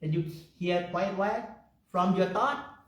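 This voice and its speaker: A man's voice: high voice, slow pace, fairly bright tone. A man teaching a guided meditation in simple, broken English, laughing often and repeating phrases in a meditation room. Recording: echoey room, far from the mic.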